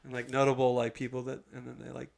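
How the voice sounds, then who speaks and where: A man's voice: mid-range voice, completely flat delivery, quick pace, creaky, darkish tone. A young man hosting a casual podcast chat, rambling with lots of fillers and casual swearing. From Los Angeles area. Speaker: podcast host.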